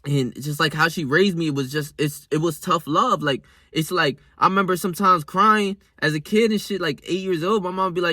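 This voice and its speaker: Bright-voiced young man, slangy pep talk. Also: high voice, moderate pace, no echo, studio quality. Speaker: vlogger. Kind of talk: casual motivational vlog.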